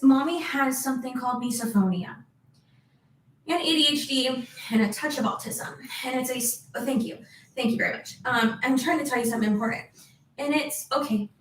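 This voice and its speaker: In an apartment room, a woman vlogger chats at home and playfully scolds her dog in doting, exasperated baby talk. Her voice is high-pitched, and the room sounds reverberant.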